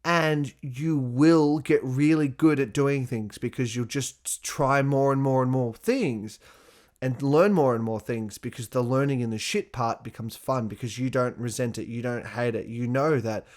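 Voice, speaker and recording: A man's voice: mid-range voice, a little slow. A male podcast host in a loose, unscripted monologue. He swears freely, laughs often and breaks into acted-out quotes of himself, with an everyday mid-range voice. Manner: profane, animated storytelling with laughs and acted-out quotes. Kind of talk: casual solo podcast monologue.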